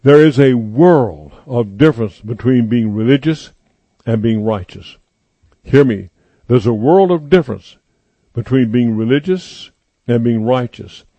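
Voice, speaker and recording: A male preacher delivering a sermon, repeating his points slowly and with emphasis. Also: medium pitch, mellow, no echo, lo-fi sound. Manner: slow emphatic repetition, declaring.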